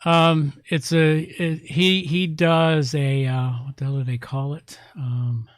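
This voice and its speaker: A man's voice: fairly high pitch, flat delivery, takes it slowly, dry recording, studio quality. A man with a Southern US accent hosting a casual podcast chat, rambling and sarcastic, often groping for words. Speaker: podcast host.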